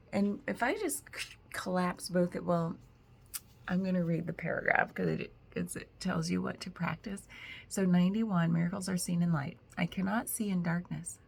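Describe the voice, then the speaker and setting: A woman hosting a spiritual reflection channel, talking in a casual, thoughtful monologue that often breaks off mid-word and slips into soft whispered asides. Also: on the low side, gravelly, slightly rough.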